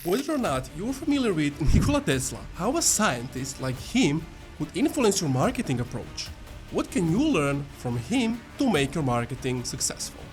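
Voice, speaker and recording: A man's voice: on the high side, very animated, moderate pace. Jokey guy explaining marketing, voice jumps around a lot, music playing under him. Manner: playful, jokey, acts out game-show bits. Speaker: host.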